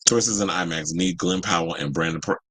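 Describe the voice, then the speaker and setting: A man hosting an entertainment news show riffs on pop culture, animated and chatty, swearing freely while reading and replying to live chat. His bright, dry voice is low and husky, a little fast. No echo, but the audio is poor.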